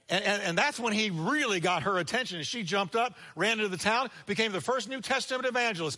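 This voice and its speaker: Male preacher, bright edgy tone, sermon delivery in a church hall with long reverb. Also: high voice, brisk, few pauses. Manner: energetic preaching with sudden drops to quiet, acted-out quotes. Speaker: pastor. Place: church sanctuary.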